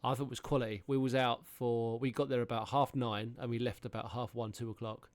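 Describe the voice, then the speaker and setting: An English man in his thirties who talks casually on a podcast, swearing often and breaking into animated exclamations. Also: mid-range voice, fairly quick, dry recording. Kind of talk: casual chat.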